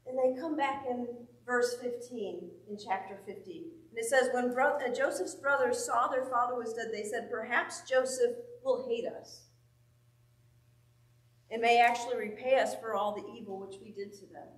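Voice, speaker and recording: A woman's voice: fairly high pitch, normal speed. Emphatic woman teaching Bible study. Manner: emphatic, asks the group questions, reads scripture aloud. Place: church meeting room. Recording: echoey room, mic at a distance.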